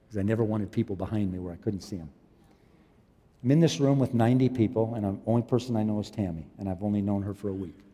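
A man in his fifties preaching a sermon as a pastor, swinging from loud, impassioned lines to quiet, low ones. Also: slightly rough. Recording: long hall reverb.

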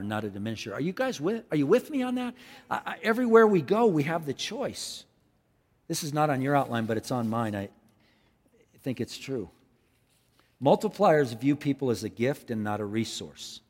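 A man delivers a sermon from a church pulpit, his voice sitting a little high and leaping around with lively intonation. He repeats key phrases and calls on the congregation to say lines back to him. The sound carries a long, echoing hall reverb. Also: breathy edge. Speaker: pastor.

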